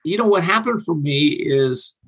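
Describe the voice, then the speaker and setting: A man in his forties telling a personal recovery story in a halting, earnest way, with many fillers and restarts. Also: fairly high pitch, lively intonation, a bit bright, low-quality recording. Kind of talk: personal storytelling on an interview show.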